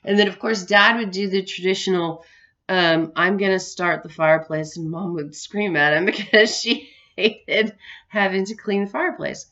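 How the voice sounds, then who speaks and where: A woman's voice: medium pitch, normal speed, a bit bright. A young adult woman telling family memories in a casual vlog, rambling with many restarts and laughing often. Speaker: vlogger. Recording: dull lo-fi recording.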